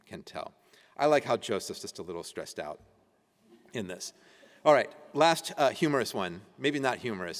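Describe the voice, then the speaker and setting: A man teaching an adult education class at a church, reading ancient texts aloud and talking them over casually. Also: fairly low pitch. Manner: conversational, laughing while reading old texts aloud. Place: church meeting room. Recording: church hall reverb.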